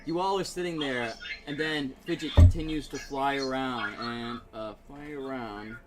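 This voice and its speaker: A man's voice: medium pitch, moderate pace, very noisy. A man running a tabletop role-playing game as game master, narrating casually with fillers and laughs. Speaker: dungeon master.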